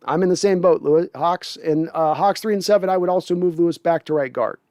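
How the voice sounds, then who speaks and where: A man's voice: a little high, fast talker, a little mellow, no room sound, clean studio sound. A man hosting a casual sports livestream, reading viewer comments aloud and answering them conversationally. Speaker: sports podcast host.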